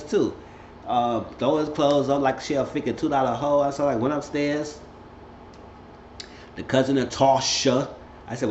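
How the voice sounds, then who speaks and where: A man's voice: a little high, fairly even intonation, fairly quick, slight background noise. A man vlogging a casual, rambling recap who keeps jumping into voices for the characters. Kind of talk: casual chat. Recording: roomy lo-fi home recording.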